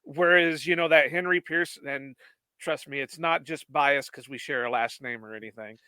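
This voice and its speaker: A chatty podcast co-host with a bright, forceful, slightly higher voice. He tells stories loosely and laughs often. The sound is close and dry. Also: moderate pace, clean tone, dry recording. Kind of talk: casual podcast chat.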